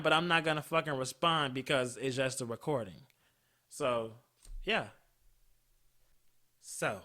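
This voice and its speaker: Young man, podcast host, foul-mouthed rant, slightly high, bright edgy voice. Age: 20s. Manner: profane, heated, swinging between shouting and muttering.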